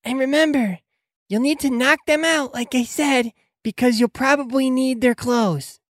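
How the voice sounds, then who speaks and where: Game master doing tiny female creature, heist boss, squeaky, bossy, brisk, tabletop game. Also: no room sound, clean studio sound, close to an everyday voice. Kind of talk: tabletop role-play.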